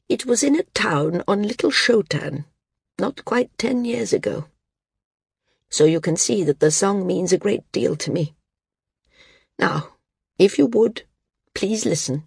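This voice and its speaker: A woman reading the part of a frail, dying old woman who speaks frankly, wearily and with quiet firmness. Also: on the low side, vocal fry, husky, no room sound, studio quality, heavily acted. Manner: frank, weary, gently firm.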